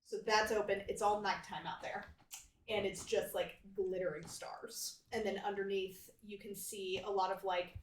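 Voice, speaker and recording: A woman playing a tabletop game, relaxed as she describes her character's actions. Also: mid-range voice, moderate pace. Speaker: player. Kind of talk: casual tabletop play. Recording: echoey room, distant mic, faint noise.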